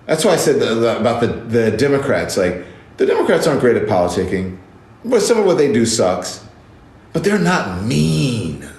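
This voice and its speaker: A man's voice: mid-range voice, sing-song, normal speed, a little mellow. A man giving casual, emphatic commentary as host of his own show, indignant and repeating words for stress. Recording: roomy echo.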